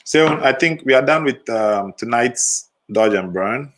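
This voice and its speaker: On a live photo retouching stream, a relaxed, sleepy male host yawns while chatting casually with his viewers. His voice sits in the mid-range and he talks unhurriedly, with background noise in the recording.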